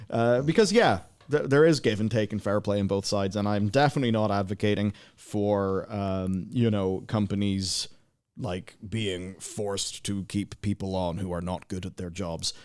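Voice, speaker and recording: Give me a low-voiced man chatting sardonically on a livestream, with plenty of fillers. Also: unhurried, darkish tone, clean tone. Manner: rambling, sardonic, many fillers. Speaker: livestream co-host. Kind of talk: casual chat.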